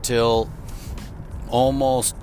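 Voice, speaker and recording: A man's voice: medium pitch, level tone, very slow, a little mellow, slight background noise. A middle-aged man, chatting casually on his podcast while driving to work, rambling and laughing easily. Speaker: podcast host. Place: in a car.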